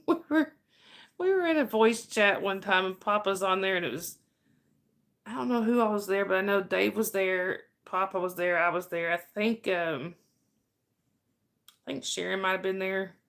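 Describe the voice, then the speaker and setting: A woman's voice: medium pitch, normal speed, vocal fry, long pauses, fairly bright tone. A woman hosting a livestream, chatting casually with viewers and laughing often. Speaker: livestream host.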